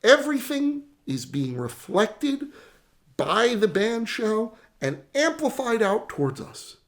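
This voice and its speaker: Male tech educator, lively explainer, fairly high voice with gravel, jokey and self-mocking. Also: slow. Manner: animated, demonstrates with sound effects, self-mocking dad jokes. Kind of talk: explainer lesson.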